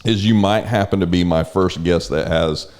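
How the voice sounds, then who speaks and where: A man's voice: low-pitched, moderate pace, a little mellow. A man hosting a community podcast, interviewing his guest in a rambling, easygoing way full of restarts. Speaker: podcast host. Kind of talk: casual interview.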